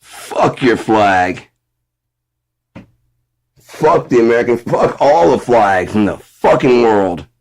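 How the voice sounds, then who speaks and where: A man in his fifties in a casual, profane vlog rant, rambling and swearing, muttering low and then flaring up. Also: animated, slow, pauses often. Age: 50s. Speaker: vlogger.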